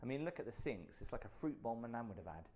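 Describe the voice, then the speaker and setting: A man's voice: medium pitch, big pitch swings, fast, a little mellow, breathy edge. Marveling British man giving a tour. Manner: wide-eyed, marveling, chatty. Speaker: streamer. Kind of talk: casual touring commentary.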